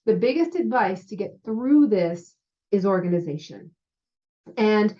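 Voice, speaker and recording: A chatty woman speaks as a spiritual healer in a loose, conversational monologue, tossing in "you know" and "right?" as she goes. Her voice sits at a middle pitch. The audio is a bit dull and lo-fi. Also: animated, a little slow, dark tone. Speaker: spiritual healer and intuitive guide. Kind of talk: casual spiritual monologue to viewers.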